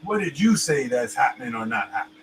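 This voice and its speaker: A man's voice: mid-range voice, big pitch swings, fast, low-quality recording. A man talks casually and emphatically. His phrasing is loose, with slang and frequent restarts. A faint background noise sits under the voice. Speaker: co-host. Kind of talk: casual discussion.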